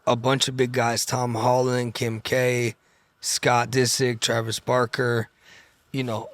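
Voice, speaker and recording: A man's voice: mid-range voice, flat delivery, slow pace, fairly bright tone. A man with a mid-range voice tells stories as a podcast guest in a casual, loose way. He swears freely and acts out the conversations he describes. The sound is dry and close, with no room echo. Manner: loose, profane, re-enacts conversations. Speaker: podcast guest, luxury car dealer. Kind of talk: casual storytelling chat.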